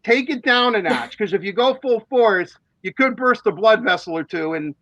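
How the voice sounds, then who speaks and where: A man's voice: sits high, moderate pace, no room sound, dull audio. A man, hosting a sports talk show, telling rambling stories in casual chat full of fillers. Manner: animated, rambling storyteller with many fillers. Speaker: sports radio host.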